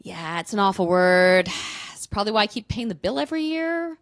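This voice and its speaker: Lively woman doing stand-up. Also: mid-range voice. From Canada. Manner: candid, self-mocking storytelling with quick punchlines. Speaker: stand-up comedian. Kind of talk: stand-up comedy set.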